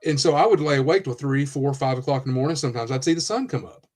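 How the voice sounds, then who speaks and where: A man hosting a podcast, himself a retired police officer, speaking in a measured, reflective way. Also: mid-range voice, animated, darkish tone. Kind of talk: candid podcast conversation.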